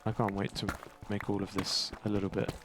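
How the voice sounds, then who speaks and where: Over background noise and game music, a young gaming YouTuber from England talks through his gameplay in a brisk, flat delivery. His voice sits on the low side, and his English-accented chat is rambling and self-deprecating.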